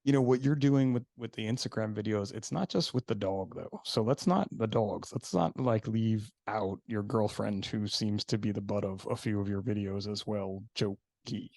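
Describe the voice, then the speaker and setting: Gravelly-voiced middle-aged man chatting. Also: lowish voice, fairly even intonation, moderate pace, hardly any pauses, darkish tone, no echo, clean studio sound. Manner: chatty, laughs at his own stories. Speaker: podcast host. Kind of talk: casual conversation.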